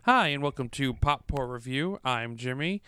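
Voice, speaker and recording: A man's voice: mid-range voice, expressive, music in the background. A man hosting a casual movie review podcast, teasing his co-hosts as he talks. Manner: jokey, quick to tease. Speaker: podcast host.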